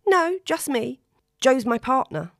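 Brief: woman reader voicing frank, relaxed career woman, a touch higher and louder. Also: unhurried, no room sound, clean studio sound, heavily acted. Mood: breezy. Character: breezy, confident woman lawyer.

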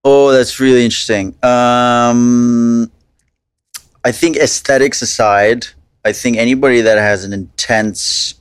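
A man's voice: lowish voice, clear, resonant tone, no echo. Man guest from Long Island, laid-back, dry humor, dead dry close mic. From Long Island, New York. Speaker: podcast guest. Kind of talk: casual chat.

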